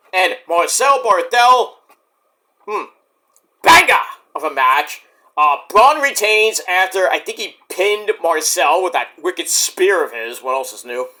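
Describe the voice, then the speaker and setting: A young man with a voice that sits high gives a casual, rambling review of a wrestling event. He's excitable and profane, now and then breaking into sudden shouts.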